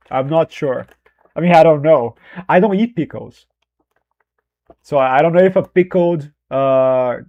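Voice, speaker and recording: Loose, profane young streamer, slightly higher voice. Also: male voice, warm tone, muffled recording. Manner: loose and profane, joking, reacting to chat. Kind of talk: casual livestream chat.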